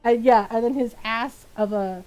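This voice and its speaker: A woman's voice: on the high side, normal speed, a little mellow, faint music behind, poor audio. A woman, ranting and swearing in casual chat as a streamer, laughing often. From Philippines.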